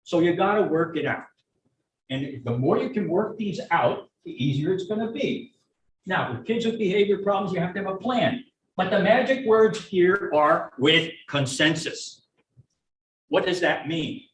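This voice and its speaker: A man's voice: high voice, expressive, a bit bright. Blunt older man lecturing in a roomy hall. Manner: blunt, folksy, plain-spoken; acts out parents and teachers in quick asides. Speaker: retired child neuropsychologist giving a parent talk. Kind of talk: public lecture to parents. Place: meeting room or auditorium. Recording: roomy, from a distance, faint hiss.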